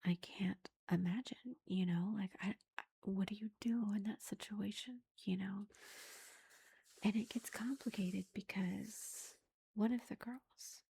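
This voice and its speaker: A woman giving a whispered ASMR book review, retelling the plot in a soft unvoiced whisper and rambling with lots of "like" and "you know". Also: medium pitch, fairly even intonation, a little slow, vocal fry, slightly rough.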